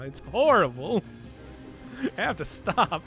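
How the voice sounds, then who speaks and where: A man's voice: a little high, sing-song, moderate pace, long pauses, fairly bright tone, soft background music. A young man streaming a video game, chatting casually, answering chat and laughing at himself often. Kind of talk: casual gameplay commentary.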